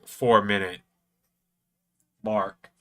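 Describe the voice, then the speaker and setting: A man's voice: lowish voice, fairly even intonation, extremely slow, sharp tone. A tipsy man hosting a live watch-along stream, rambling and swearing a lot as he comments. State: tipsy from drinking. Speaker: stream host.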